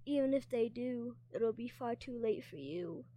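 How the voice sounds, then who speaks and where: A woman's voice: a little high, animated, unhurried, mellow, dry recording, pitched above the performer's own voice. Mean mocking dragon lady, a woman reading her out, sneery and swoopy, dry close sound. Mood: taunting. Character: cruel scheming female sand dragon queen-to-be.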